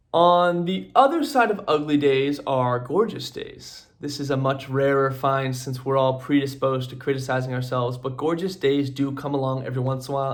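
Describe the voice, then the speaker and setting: A man hosting a comedy show, delivering a sarcastic, rambling monologue and acting out both sides of imagined conversations. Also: mid-range voice. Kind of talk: comic monologue to camera.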